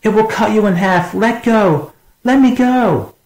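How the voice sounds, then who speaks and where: A man voicing a strained, shouting woman officer. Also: medium pitch, moderate pace, pitched above the performer's own voice, natural voice, rough recording. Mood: panicked. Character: tough frightened woman crew officer.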